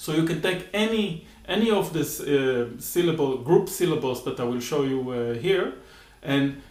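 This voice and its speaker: A man's voice: a little high, animated, moderate pace, a little mellow, roomy sound. A man teaching rhythm syllables patiently, explaining step by step and often checking in with "okay?". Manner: frequent "uh" and "okay?" check-ins. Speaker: music teacher. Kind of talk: spoken rhythm lesson with sung syllable demonstrations.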